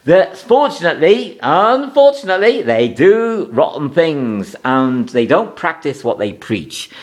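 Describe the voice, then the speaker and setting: Guy doing an astrology forecast, pretty high voice, swings up and down a lot, preachy and repeats himself. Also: sing-song, a little slow. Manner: emphatic, repetitive, moralizing.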